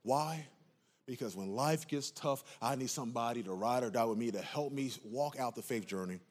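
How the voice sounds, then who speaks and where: A man preaching a sermon from the pulpit. His voice has a husky, slightly breathy edge and sits at an ordinary middle pitch. He swings from quiet teaching into loud, emphatic declarations and checks in with the congregation. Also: normal speed. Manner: impassioned preaching with call-and-response asides. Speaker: pastor.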